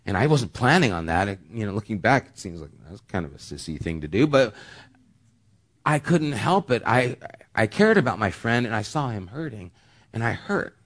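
A man's voice: lowish voice, big pitch swings, normal speed. Earnest middle-aged male pastor preaching. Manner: earnest, swings from loud emphasis to hushed near-whispers. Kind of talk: sermon.

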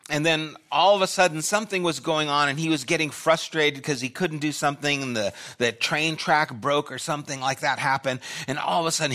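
An older man preaching a sermon as pastor, telling a personal story with loud bursts and quiet asides. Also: a little high.

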